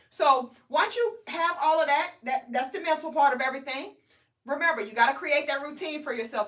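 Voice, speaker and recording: Heard from a distance, a weight loss vlogger in her thirties gives a motivational live stream to her audience. She has a high, fairly bright voice and keeps the talk chatty, frequently tossing in "okay?" and "guys."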